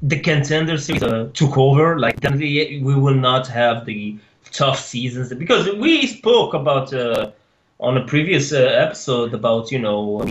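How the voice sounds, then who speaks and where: A man's voice: animated, unhurried. A man co-hosting a casual sports podcast, talking hesitantly with lots of fillers and restarts. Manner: hesitant, many fillers and restarts, swooping pitch. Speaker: podcast co-host. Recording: dull lo-fi sound.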